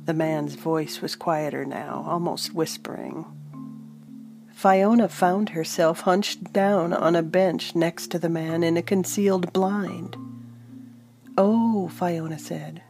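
A woman narrating a fantasy story in a calm, measured audiobook style. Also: on the low side. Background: soft instrumental music.

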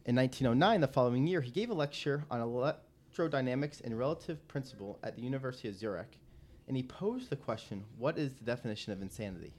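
A man's voice: mid-range voice, lively intonation, fast, darkish tone. A man co-hosting a casual podcast, telling a trivia story with frequent laughs and restarts. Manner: laughs often, stumbles and restarts. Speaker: podcast co-host.

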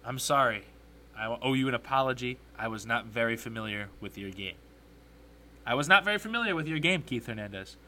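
A man putting on an impression of a famous male basketball star, delivering a slow, solemn, mock-formal apology. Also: mid-range voice, animated, sharp tone, voice pushed down.

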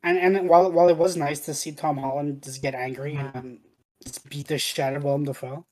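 A speaker chatting casually about a film, relaxed, often stammering at the start of a phrase. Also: mid-range voice, a little fast. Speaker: film discussion co-host. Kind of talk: casual chat.

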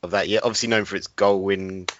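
A man's voice: low voice, fairly even intonation, quick pace, fairly bright tone, slight background noise. A man co-hosting a casual podcast chat, steering topics and laughing often. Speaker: podcast co-host. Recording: dull lo-fi sound.

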